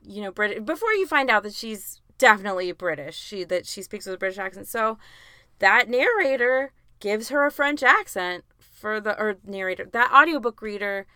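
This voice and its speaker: A woman's voice: medium pitch, lively intonation, normal speed, pushed and bright, clear, resonant tone, no room sound, studio quality. A young adult woman co-hosting a podcast, chatting casually with lots of "like" fillers and frequent laughs. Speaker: podcast co-host. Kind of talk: casual chat.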